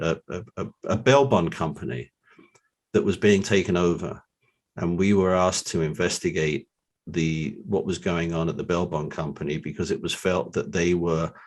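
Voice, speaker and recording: A middle-aged man with a London accent, a guest who tells long stories in a relaxed way and often repeats his opening words. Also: deep voice. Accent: London English. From England. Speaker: guest, forensic accountant. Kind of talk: relaxed storytelling.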